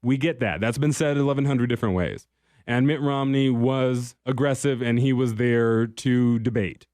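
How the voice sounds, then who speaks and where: A man's voice: mid-range voice, moderate pace, a little mellow, no echo, studio quality. A man hosting a political talk radio show, speaking in a conversational, emphatic way with occasional restarts.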